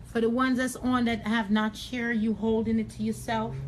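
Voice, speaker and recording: Sassy Jamaican woman stylist, high voice. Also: flat delivery, moderate pace, a little hiss or hum, rough recording. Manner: sassy, calls listeners honey. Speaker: hairstylist host. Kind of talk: chatty live-stream hair tutorial.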